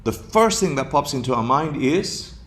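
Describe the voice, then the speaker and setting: A man's voice: mid-range voice, very animated, moderate pace, fairly bright tone. A man teaching a dharma class to a room of students, playful, laughing often and putting questions to them.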